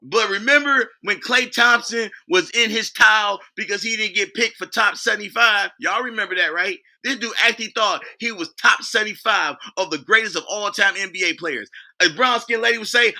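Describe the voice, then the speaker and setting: A man's voice: high voice, fairly quick, hardly any pauses, pushed and bright. A man vlogging about basketball in a loose, casual way, full of fillers and boastful trash talk. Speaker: sports vlogger.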